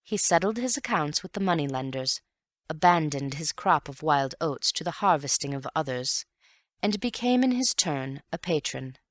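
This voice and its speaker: A woman with a low voice reads a classic mystery aloud in a measured, wry way. The sound is dry and close, with no room around it. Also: expressive, no room sound. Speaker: audiobook narrator. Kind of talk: scripted narration.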